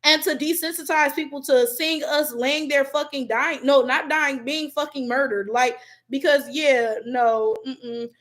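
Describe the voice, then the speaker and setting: A blunt, high-voiced woman from Detroit, USA, with an African American Vernacular English accent hosts a YouTube livestream, reading comments. She's profane and animated but speaks unhurriedly in casual commentary.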